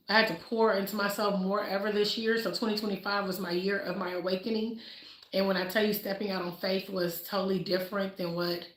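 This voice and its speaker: A woman in her forties talking casually on a livestream, telling her story with animated delivery and acting out the voices she quotes. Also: mid-range voice. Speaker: livestream host. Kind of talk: casual motivational livestream talk. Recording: echoey room.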